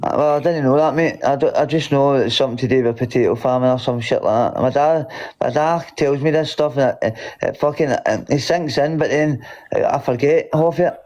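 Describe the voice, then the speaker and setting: A man's voice: mid-range voice, a little fast, darkish tone. A Scottish man in a casual chat, rambling and swearing freely. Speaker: chat participant.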